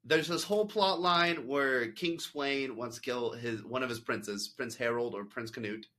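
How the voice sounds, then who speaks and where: A man's voice: mid-range voice, unhurried, bright, forceful tone. A man hosting a casual podcast, rambling with lots of "like" and quoted asides. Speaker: podcast host. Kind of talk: casual chat.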